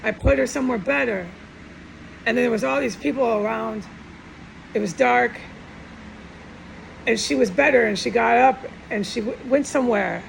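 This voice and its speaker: Upset, gravelly-voiced woman rambling emotionally. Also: on the high side, moderate pace, pauses often, a little hiss or hum, rough recording. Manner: rambling, upset, trailing off and restarting. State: tearful. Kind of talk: emotional personal monologue.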